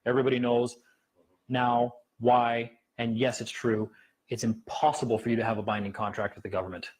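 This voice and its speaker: A man speaking at a meeting, telling stories in a fast, animated way and acting out what others said. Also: medium pitch, low-quality recording. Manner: fast, animated, acts out quotes. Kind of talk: casual storytelling talk.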